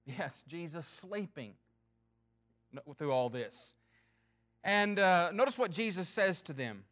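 High-voiced man preaching with emphasis. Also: animated, slow. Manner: earnest, emphatic preaching with swings in loudness and pace. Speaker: pastor. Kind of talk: sermon.

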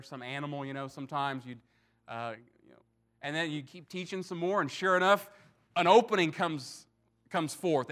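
Male pastor, high and bright voice, animated sermon delivery with acted-out asides. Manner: animated, acts out voices of onlookers, chuckles.

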